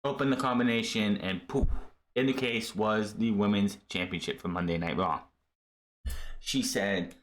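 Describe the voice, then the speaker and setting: A man's voice: fairly low pitch, normal speed. Rambling man recapping wrestling, roomy sound. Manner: rambling, animated retelling with many fillers. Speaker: wrestling show reviewer. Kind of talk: casual recap commentary.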